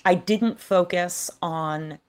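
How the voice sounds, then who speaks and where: Low-voiced woman recounting memories. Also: slow, smooth. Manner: earnest, reflective recounting. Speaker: guest author. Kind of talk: personal storytelling.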